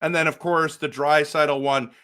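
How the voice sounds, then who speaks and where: A man hosting a hockey post-game show, talking casually over replays in a rambling, excitable way with frequent restarts. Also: fairly high pitch, moderate pace, clean tone.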